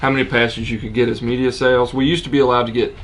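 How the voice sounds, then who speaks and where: An easygoing man at a middle pitch chimes in during a relaxed sit-down chat. He mostly adds short agreeing remarks and quick supporting points, with a faint hum of noise behind him. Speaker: co-host of an outdoors channel.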